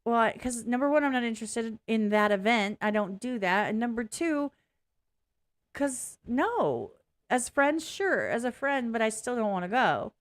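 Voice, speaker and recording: A woman talks straight to her viewers in a loose, rambling vlog, frank and unfiltered, with the odd curse word. Her voice sits a little on the high side. She often breaks off and restarts mid-thought. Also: animated, normal speed. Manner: blunt, candid, swearing. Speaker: vlogger. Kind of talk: casual reaction vlog.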